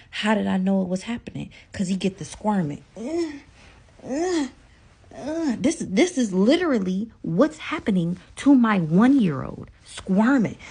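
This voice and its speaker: A woman's voice: medium pitch, gravelly, mellow, slightly rough. A woman telling her own story to viewers in a casual vlog, emphatic, repeating lines for stress and swearing freely.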